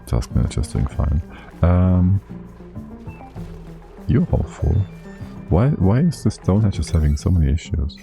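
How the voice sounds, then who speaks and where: A man's voice: low-pitched, big pitch swings, unhurried, gravelly, pauses often, music in the background. A man giving casual, chatty livestream commentary on a game, thinking aloud and laughing often. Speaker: streamer.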